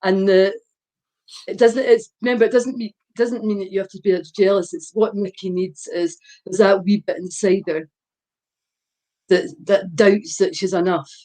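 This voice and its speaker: A woman's voice: medium pitch, fairly even intonation, moderate pace, dark tone, low-quality recording. A woman co-hosting a casual chat, talking in a reassuring, reflective way and repeating phrases as she thinks. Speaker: podcast co-host.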